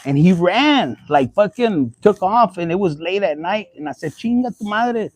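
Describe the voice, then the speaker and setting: Foul-mouthed, high-voiced man reading tarot. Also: lively intonation, moderate pace, a little mellow, no echo. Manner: profane, blunt and chatty, mixing in Spanish phrases. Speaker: tarot reader. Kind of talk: casual tarot reading vlog.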